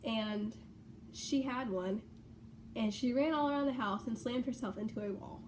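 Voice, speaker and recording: A young woman rambling casually in a home vlog, full of fillers and excited asides. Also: fairly high pitch, normal speed, a little hiss or hum. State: out of breath. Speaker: vlogger. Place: bedroom at home.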